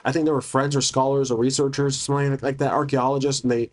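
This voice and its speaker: A man's voice: medium pitch, level tone, quick pace. A man narrating a solo tabletop game, thinking aloud hesitantly with many restarts.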